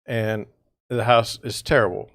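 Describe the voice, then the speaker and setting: Gravelly-voiced man ranting with exasperation. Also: on the low side, steady tone, measured pace, a bit bright, no room sound, clean studio sound. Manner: rambling, exasperated ranting with sarcastic asides. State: tired, yawning. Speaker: real estate agent hosting a livestream. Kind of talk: casual livestream monologue.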